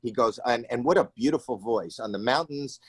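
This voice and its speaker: A man telling a story on an interview show in an animated, theatrical way, acting out each person with sudden high cries. His voice sits in a mid range and is recorded close and dry, with no room around it. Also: brisk, slightly rough, no echo. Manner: animated, acts out the people in his stories with sudden shrill cries. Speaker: comedian guest. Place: home.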